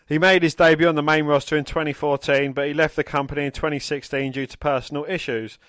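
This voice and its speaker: Picture a man with a slightly high, smooth voice, heard close and dry. He co-hosts a podcast, reading news items out plainly and swearing casually in between. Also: fairly even intonation, fast talker, a bit bright, dry recording. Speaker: podcast co-host.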